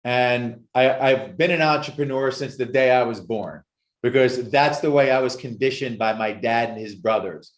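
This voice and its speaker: A man who works as an addictions success coach, telling his story with emphatic, animated energy in a podcast interview. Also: medium pitch, moderate pace. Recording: roomy echo.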